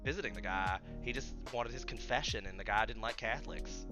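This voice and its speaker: A man's voice: lowish voice, a little fast. Chatty man running a tabletop game. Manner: chatty, apologetic, lots of "like". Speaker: game master. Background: background music.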